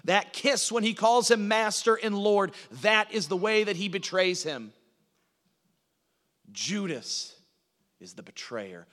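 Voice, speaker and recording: A man's voice: steady tone, moderate pace, hardly any pauses. Man preaching a sermon in a reverberant hall. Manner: swings from emphatic to low, hushed delivery. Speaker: pastor.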